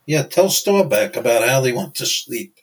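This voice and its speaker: Mid-pitched man talking football calmly. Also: low-quality recording. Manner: measured, conversational, uses fillers like "you know". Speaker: podcast co-host. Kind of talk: casual sports chat.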